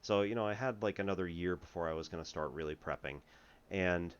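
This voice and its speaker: Deep-voiced man rambling through a lesson. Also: smooth, lo-fi sound. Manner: rambling, laughs often, halting restarts. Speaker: math tutor. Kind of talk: casual lesson chat.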